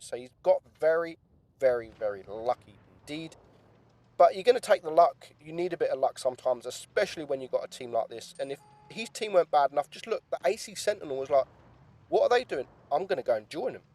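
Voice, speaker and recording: A young man giving lively, chatty play-by-play commentary on a game replay, with some casual swearing. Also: fairly high pitch, fairly quick. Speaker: gaming YouTuber.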